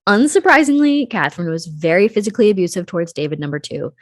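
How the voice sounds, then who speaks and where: A woman's voice: medium pitch, expressive, fast, no room sound. A young woman hosting a podcast, telling a true crime story in casual chat. She swears freely and trails off into a mutter at the ends of her thoughts.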